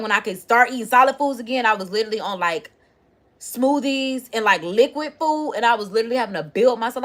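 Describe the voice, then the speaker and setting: Young woman, fairly high voice, chatty storyteller who talks straight to her viewers. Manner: expressive, chatty, addresses viewers directly. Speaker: vlogger. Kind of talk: casual storytime to a live chat.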